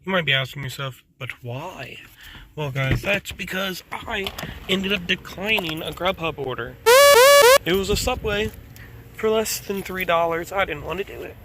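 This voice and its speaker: A man's voice: high voice, expressive, normal speed, background noise. A man talking casually as a delivery driver, chatty and amused, often laughing as he tells his stories. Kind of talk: casual vlog narration. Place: in a car and walking between stops.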